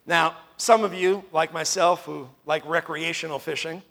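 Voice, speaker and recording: A New York pastor preaches emphatically, swinging between loud declarations and hushed tones and often asking the room "Amen?" His voice is on the high side, steady and creaky, at a moderate pace.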